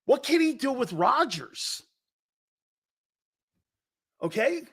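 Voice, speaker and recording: A man's voice: extremely high pitch, very animated, takes it slowly, gravelly, a bit bright, slightly rough. A middle-aged man hosting a sports talk show, chatting casually, laughing often mid-sentence and firing questions at his crew. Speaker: sports radio host.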